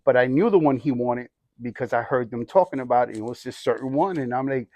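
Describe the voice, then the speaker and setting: Sharing his testimony as a guest, a man in his forties recounts his life in a casual, animated way, dropping into streetwise slang and performing each character's voice. His mid-range voice is brisk with hardly any pauses, and the audio is close and dry with no room sound.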